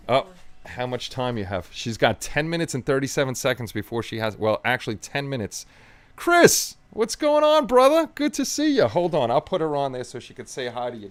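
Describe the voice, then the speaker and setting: A man's voice: mid-range voice, smooth, no room sound. A man hosting a casual livestream, chatting straight to his viewers from home. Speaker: livestream host.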